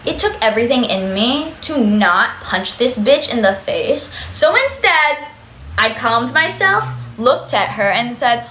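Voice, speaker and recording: A woman's voice: a little high, lively intonation, a little slow, bright, forceful tone. Young woman, blunt sarcastic storyteller, roomy echo, faint hiss. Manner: blunt, sarcastic, swears a lot. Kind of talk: casual storytelling to camera. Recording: echoey room with faint noise.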